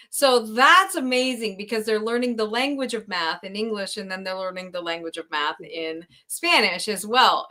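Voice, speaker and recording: A woman's voice: fairly high pitch, bright, forceful tone. A woman hosting a podcast interview, enthusiastic and effusive in her responses. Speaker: podcast host.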